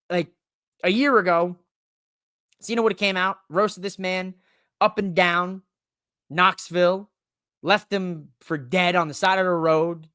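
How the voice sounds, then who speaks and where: A man hosting a podcast, ranting casually about wrestling in an animated, profane, joking way. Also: high-pitched, slow, pauses often, smooth, no echo, clean studio sound. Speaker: podcast host. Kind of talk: casual wrestling recap rant.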